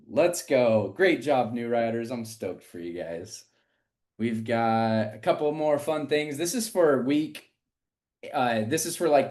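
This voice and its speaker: A man's voice: medium pitch, a little mellow. A man leading a sales team call, reading out results and cheering people on with energy. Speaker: agency leader hosting a team call. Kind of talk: upbeat team meeting shout-outs.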